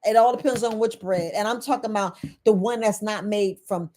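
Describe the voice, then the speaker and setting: A middle-aged woman herbalist, talking casually to her viewers, animated and laughing often. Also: medium pitch, fairly quick. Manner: animated, laughing, acts out quoted people in a raised voice. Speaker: herbalist host.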